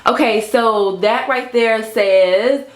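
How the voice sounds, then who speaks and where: Playful chatty woman giving a home studio tour, talks to the camera. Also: takes it slowly. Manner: chatty, playful, breaks into high baby-talk with her cat. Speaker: vlogger. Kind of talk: casual studio tour vlog.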